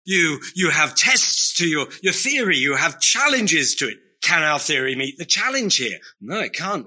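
Male preacher, emphatic sermon delivery, sharp forceful tone, husky edge. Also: medium pitch. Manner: earnest, emphatic, with wry asides and repetition for stress.

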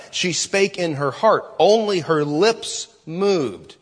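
A man's voice: fairly high pitch, slightly rough. Man preaching in a reverberant hall. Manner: preaching with dramatic pauses and shifting volume. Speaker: pastor. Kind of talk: sermon.

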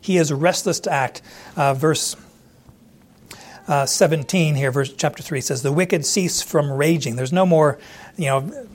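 Man teaching scripture, slightly high voice. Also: unhurried. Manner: conversational, acts out quoted lines with restarts. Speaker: Bible teacher. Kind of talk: verse-by-verse Bible teaching.

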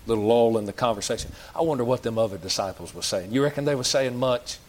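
A man's voice: medium pitch, quick pace. Man, preacher, folksy plain talk, rhetorical questions, church sermon. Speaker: pastor.

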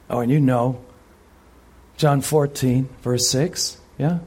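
A man preaching a sermon who speaks with energy, often asks the audience questions, and drops to a hush for emphasis. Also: mid-range voice, steady tone, a little slow. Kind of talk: expository sermon.

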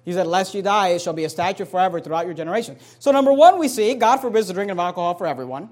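A man preaching a fiery sermon, reading scripture slowly and swinging between loud bursts and low asides. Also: lively intonation. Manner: reads scripture slowly with emphasis. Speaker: pastor.

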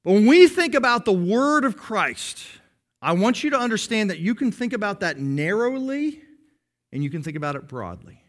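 A man preaching a sermon to his congregation, explaining patiently and slowing down to stress key phrases. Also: high voice, very animated. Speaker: pastor.

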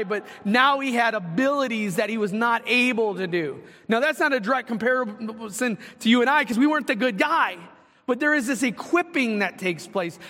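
A man's voice: sits high, a bit bright. A man preaching a sermon as pastor, earnest and exhorting his congregation with direct questions. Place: church sanctuary. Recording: long hall reverb.

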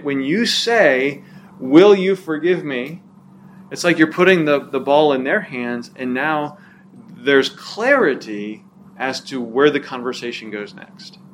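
A man teaching a church class in a relaxed, conversational way, with frequent fillers and restarts. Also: mid-range voice, slight background noise. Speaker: pastor or teacher.

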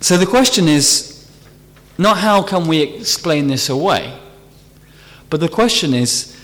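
A man's voice: on the high side, expressive, a little slow, fairly bright tone. A man preaching a sermon earnestly, stressing key phrases as he explains a psalm. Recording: long hall reverb.

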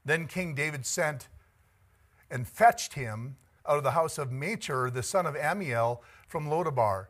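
A man's voice: fairly high pitch, lively intonation, measured pace, a bit bright. A middle-aged man preaching a conversational sermon as pastor, chatty and joking, laughing often and moved by the text.

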